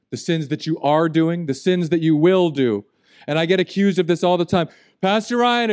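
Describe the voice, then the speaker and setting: A man preaching a sermon as pastor, animated and jokey, swinging between loud and quiet. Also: medium pitch. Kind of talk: humorous sermon.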